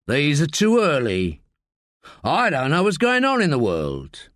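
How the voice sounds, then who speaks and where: A man's voice: a little high, huge pitch swings, unhurried, a bit bright, no room sound, studio quality, heavily acted. A man voicing a tough, threatening family man with a thick London accent, in an audiobook reading. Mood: gruff. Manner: blunt, brash, threatening.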